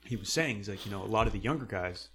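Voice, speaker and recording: A young man telling stories in casual conversation, rambling with many fillers and acting out quotes loudly. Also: lowish voice, expressive, fast talker.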